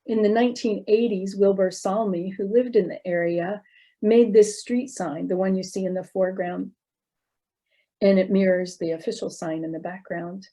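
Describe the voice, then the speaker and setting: Mellow-voiced woman lecturing. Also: mid-range voice, steady tone, moderate pace. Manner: explanatory, with frequent um and uh fillers. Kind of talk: slide presentation lecture. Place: recorded online talk.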